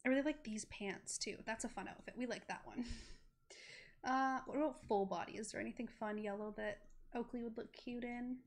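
A woman's voice: a little high, a little fast. A young woman streamer giving giggly, chatty gameplay commentary, often cooing over the characters on screen.

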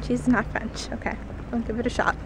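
A woman's voice: fairly high pitch, flat delivery, brisk, gravelly, background noise. Giggly young woman vlogging. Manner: giggly and playful. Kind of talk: casual vlog chat.

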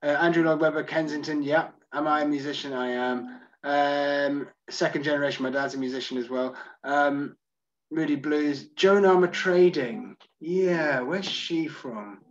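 A man's voice: on the high side, measured pace, dull audio. Chatty man answering live chat. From Scotland. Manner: chatty, rambling, reads out comments. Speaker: host.

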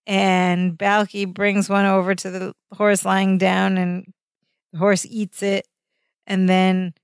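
A woman's voice: medium pitch, monotone, slow pace, clear, resonant tone, no echo, studio quality. A woman co-hosting a podcast, recapping episodes in casual chat and acting out characters' lines as she goes. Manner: retells scenes, acting out quoted lines. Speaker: podcast co-host.

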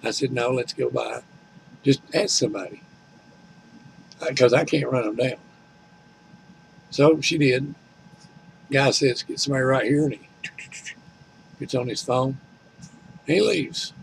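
Older man with a gravelly voice, telling a folksy, complaining home-vlog story. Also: mid-range voice, measured pace, long pauses, slight background noise, poor audio. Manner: folksy, complaining, retells conversations. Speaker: vlogger. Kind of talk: rambling storytelling.

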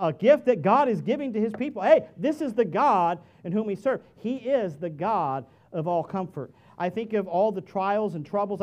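A middle-aged pastor with a notably high voice, preaching to his church. He talks to the congregation like a friend, drops to quiet asides, then climbs to loud, emphatic peaks. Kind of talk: sermon. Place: church sanctuary.

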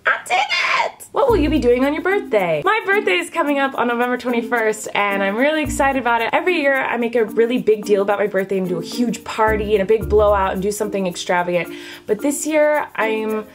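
A woman in her twenties chatting casually to camera in a vlog, bubbly and animated, with her pitch jumping up when excited. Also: fast talker, music in the background. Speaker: vlogger.

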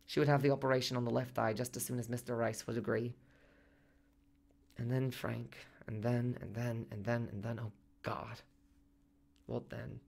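A man's voice: medium pitch, little pitch movement, moderate pace, gravelly, darkish tone. A man narrating a radio drama monologue as its main character, reflective and self-reproaching.

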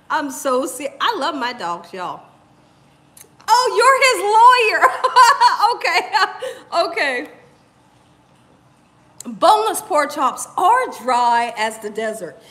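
A middle-aged woman hosts a cooking livestream in an unhurried, high-pitched voice. She chats casually with viewers, laughing often and repeating lines for emphasis. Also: sharp tone. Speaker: cooking channel host.

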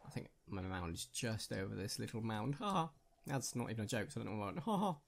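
A man's voice: on the low side, expressive, fast talker, creaky. A man hosting a gaming channel, giving casual, jokey commentary on his own gameplay and chatting with viewers.

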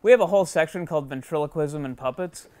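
Smooth-voiced joking man co-host. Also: fairly high pitch, quick pace, darkish tone, no room sound. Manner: dry, joking. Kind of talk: casual banter. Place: office.

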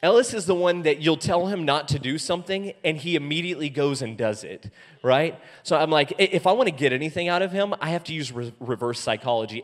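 A man preaching as pastor in a church, animated and acting out quoted voices, often soft and then loud. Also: fairly high pitch, brisk. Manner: animated, acts out quoted voices with big swings in loudness. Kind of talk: sermon. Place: church auditorium. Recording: long hall reverb.

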